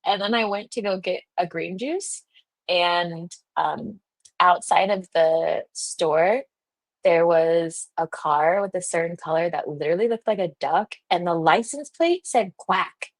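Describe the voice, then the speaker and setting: A woman's voice: lowish voice, measured pace, no echo. A young woman hosting a livestream, telling a story casually, laughing often and saying "like" a lot. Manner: giggly, laughs often, lots of "like" fillers. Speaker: livestream host.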